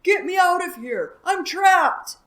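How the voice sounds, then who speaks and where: A woman voicing a brave, clever young boy adventurer in a storybook read-aloud, hushed and earnest. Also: mid-range voice, expressive, normal speed, lightly acted. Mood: loud fake cries.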